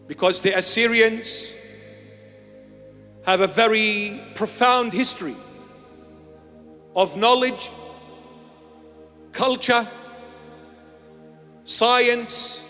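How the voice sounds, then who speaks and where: High-voiced man preaching in a reverberant church. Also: sharp tone. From Iraq. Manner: solemn, emphatic, repeats key phrases in short measured lines. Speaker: bishop preaching. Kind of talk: sermon. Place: large church. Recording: long church reverb with faint music.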